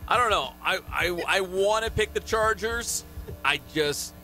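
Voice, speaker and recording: Young male sports radio host, animated casual chat, bright voice. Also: high-pitched, measured pace, soft background music. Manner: animated, joking, hedging with fillers. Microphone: studio microphone.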